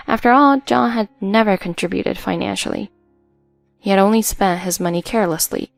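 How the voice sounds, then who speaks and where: A woman narrating a first-person story in an even, matter-of-fact way. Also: mid-range voice, creaky, no room sound.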